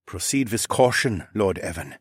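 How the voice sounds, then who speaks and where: A man voicing a cautious adventuring companion who speaks in measured warnings, in a read-aloud story. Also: on the low side, big pitch swings, slightly rough, no echo, clean studio sound, heavily acted. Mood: hushed.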